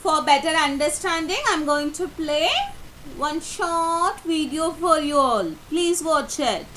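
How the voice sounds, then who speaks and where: A woman's voice: high voice, slow, a bit bright, slight background noise, poor audio. A woman teaching an English grammar lesson, reading example sentences aloud and explaining each one, with small grammar slips. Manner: reads example sentences then explains them, non-native grammar slips.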